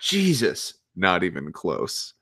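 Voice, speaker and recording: A man's voice: sits low, huge pitch swings, takes it slowly, bright, forceful tone, husky. A man from the Midwest co-hosting a casual film podcast, tossing off sardonic jokes. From Midwest of the United States. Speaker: podcast co-host.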